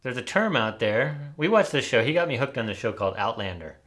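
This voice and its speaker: A man's voice: mid-range voice, very animated, fairly quick, a bit bright. A man co-hosting a casual chat show, talking in an easygoing, chatty way and laughing along. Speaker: co-host, trivia contestant.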